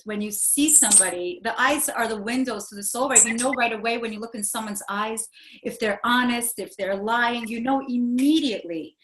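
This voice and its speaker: A woman in her forties with a fairly high voice tells a personal story as an interview guest. She talks earnestly and rambles, with fillers and restarts, in an echoey room. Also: fairly bright tone.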